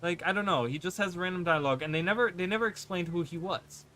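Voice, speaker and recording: A man's voice: high-pitched, fast talker, sharp tone, slight background noise. A man whose first language is not English, casually commenting on a game stream in a rambling way, full of fillers. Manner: rambling, many fillers and restarts.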